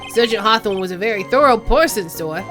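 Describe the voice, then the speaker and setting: A stiff, formal male police detective giving clipped testimony, voiced by a woman. His tone is quick and dutiful. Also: mid-range voice, animated, a bit bright, faint music behind, natural voice. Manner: formal, clipped, says sir.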